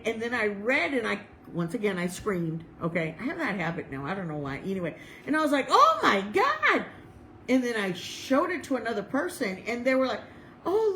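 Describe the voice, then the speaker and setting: A woman chaplain giving an informal sermon, reading passages slowly and then telling a personal story with fillers and restarts. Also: mid-range voice, a little hiss or hum, rough recording. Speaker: chaplain and reverend.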